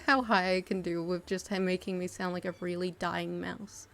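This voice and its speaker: A woman's voice: fairly low pitch, steady tone, moderate pace, creaky, hardly any pauses, a bit bright, faint music behind. A young woman chatting casually during a group art session, giggling often and mocking herself as she trails off mid-thought. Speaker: group art stream participant. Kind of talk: casual chat.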